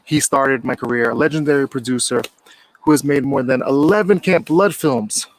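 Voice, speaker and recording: Excited man pitching his film outdoors. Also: moderate pace, slight background noise, poor audio. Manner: excited, upbeat. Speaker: film director. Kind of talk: crowdfunding pitch video. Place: outdoors in woods.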